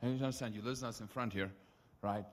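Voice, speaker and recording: A man with a South African accent, a pastor telling his story to a congregation in a casual, animated way full of "like" and "right?". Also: mid-range voice, quick pace, in a large hall. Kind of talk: storytelling sermon.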